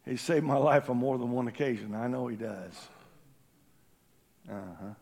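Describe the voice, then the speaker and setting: A man preaching a sermon in a church, impassioned, swinging from hushed tones to shouting. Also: medium pitch, normal speed. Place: church building during a service.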